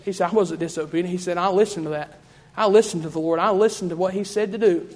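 Fervent high-voiced preacher in a hall. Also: male voice, steady tone, fast talker. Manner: fervent, repetitive preaching cadence. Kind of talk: sermon. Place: church.

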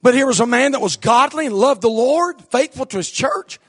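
A male preacher delivering a fiery sermon, shouting and repeating his points with emphasis. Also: very high-pitched, animated, a little fast, husky.

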